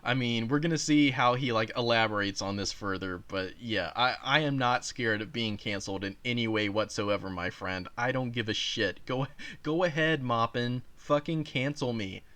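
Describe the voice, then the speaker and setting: A man's voice: mid-range voice, moderate pace, bright, forceful tone. A man hosting a reaction video, talking casually, swearing and defiant. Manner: profane, sarcastic, defiant. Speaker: YouTube host.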